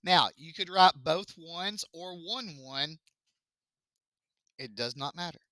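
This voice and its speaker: A man's voice: on the high side, slow pace, sharp tone, dry recording. A man teaching a math class, joking and talking back to his students.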